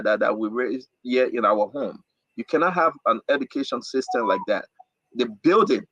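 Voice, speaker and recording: A man's voice: on the high side, a bit bright, dry recording, poor audio. A man with a Liberian accent hosting a talk show, delivering fiery political commentary with repetitive, preacher-like emphasis.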